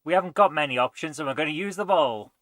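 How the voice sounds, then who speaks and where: Male let's play host, bright dry voice, mutters and thinks aloud. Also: fairly high pitch, lively intonation, quick pace, dry recording. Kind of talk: gameplay commentary.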